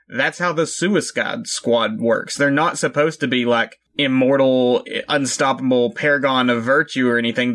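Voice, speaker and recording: Casting: man, podcast co-host, mid-pitched everyday voice, talkative casual movie chat. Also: a bit bright. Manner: chatty, laughs often, explains at length.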